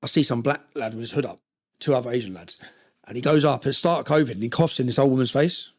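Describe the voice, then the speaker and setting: A man's voice: medium pitch, quick pace, a little mellow, slightly rough. A man telling personal stories in an interview, passionate and rambling with frequent restarts. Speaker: interview guest. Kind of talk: emotional personal storytelling.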